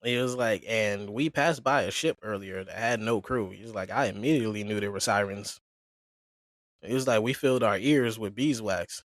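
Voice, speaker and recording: A man's voice: on the low side, normal speed, no room sound, studio quality. A man casually retelling a story on a podcast, acting out the characters' lines in slang. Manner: animated retelling with slangy acted quotes. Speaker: podcast co-host.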